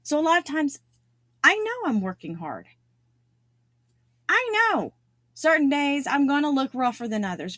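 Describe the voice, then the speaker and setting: A woman's voice: sits high, fairly bright tone, dry recording. A middle-aged woman hosting a solo self-improvement podcast, talking earnestly and repeating key phrases for emphasis. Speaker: podcast host.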